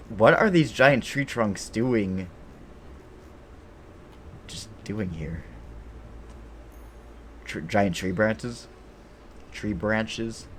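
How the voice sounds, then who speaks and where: A man's voice: deep voice, slight background noise. A man chatting casually with his live-stream viewers while playing a game, rambling and joking with the chat.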